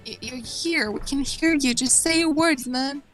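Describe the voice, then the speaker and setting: Playful high-voiced woman gamer. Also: moderate pace, fairly bright tone, soft background music. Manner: playful, teasing, swears freely. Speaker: let's-player. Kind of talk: casual chat over a game.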